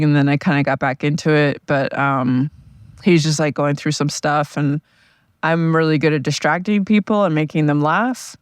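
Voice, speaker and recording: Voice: mid-range voice, clean tone, no echo, clean studio sound. Rambling, chatty podcast host. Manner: rambling, chatty, self-deprecating. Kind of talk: casual solo podcast monologue.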